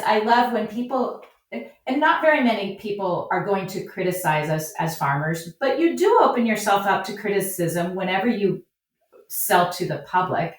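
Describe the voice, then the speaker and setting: A woman, a flower farmer and business coach, guest on a podcast, talking in an upbeat and encouraging way. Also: medium pitch. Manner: upbeat, encouraging, acts out quoted voices. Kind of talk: podcast interview conversation. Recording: echoey, distant remote audio.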